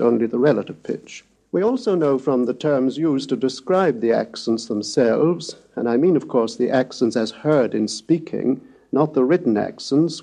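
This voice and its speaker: A man giving a recorded scholarly lecture, speaking in a measured, precise way and demonstrating pitch glides aloud. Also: mellow, breathy edge.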